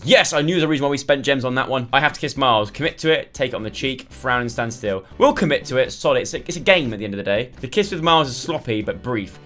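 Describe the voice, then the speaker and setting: A young man reading out a story game with chatty, playful asides, his voice strained from earlier shouting. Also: mid-range voice, lively intonation, fast talker, soft background music. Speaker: gaming YouTuber.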